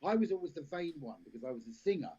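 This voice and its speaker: A man's voice: fairly high pitch, lively intonation, rapid-fire, warm tone, husky. Rambling man telling stories. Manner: rambling anecdotes, frequent restarts, laughs at own stories. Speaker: actor and director, podcast guest. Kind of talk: casual storytelling interview. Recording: lo-fi live stream audio.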